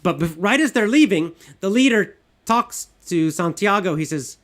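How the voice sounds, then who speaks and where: A man's voice: high-pitched, lively intonation, normal speed, fairly bright tone. A man retelling a story in plain, simple English with repeated phrases.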